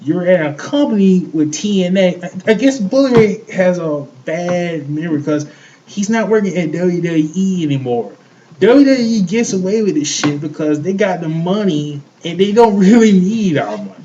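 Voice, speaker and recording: A man's voice: high voice, expressive, moderate pace, dark tone, lo-fi sound, slight background noise. A man co-hosting a show, ranting in heated casual chat, swearing often and repeating himself. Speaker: podcast co-host.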